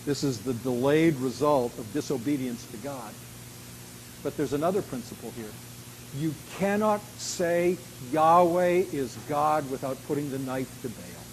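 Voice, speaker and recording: A man preaching a sermon, reading scripture dramatically, slowing down and rising in volume on key lines, then dropping to a quiet, intimate tone. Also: medium pitch, expressive, slight background noise, poor audio. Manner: dramatic, slows and rises to a shout on key lines. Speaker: pastor.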